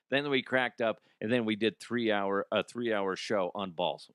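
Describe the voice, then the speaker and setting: A man's voice: lowish voice, measured pace, fairly bright tone, clear, resonant tone, no echo, studio quality. A man hosting a comic news podcast, rambling and joking with frequent laughs. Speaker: podcast host.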